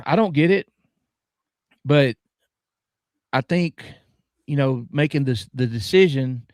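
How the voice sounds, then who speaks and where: A man's voice: mid-range voice, slow pace, darkish tone, no room sound, studio quality. A man with a Southern US accent, a guest in casual chat, rambling with many filler words while enunciating carefully. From American South.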